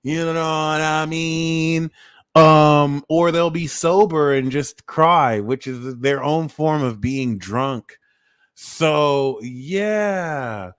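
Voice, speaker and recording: A man hosting an astrology livestream, ranting in a casual comedic way, animated, slangy and profane, laughing at his own jokes. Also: a little high, extremely slow, smooth.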